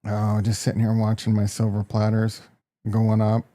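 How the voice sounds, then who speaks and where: A man's voice: fairly low pitch, completely flat delivery, normal speed, mellow. A man with a Midwestern American accent hosting a casual live stock market stream, brash and joking as he reacts to prices and talks to his chat. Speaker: market livestream host.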